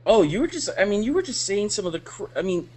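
Profane, animated man on a podcast. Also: high-pitched, fast talker. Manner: profane, animated storytelling with laughs. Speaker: podcast co-host. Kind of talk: casual profane chat.

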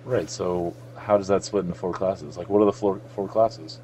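A man's voice: low voice, fairly even intonation, moderate pace, mellow, a little hiss or hum. A man from South Florida co-hosting a podcast, joking around and swearing freely in casual banter. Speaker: podcast co-host.

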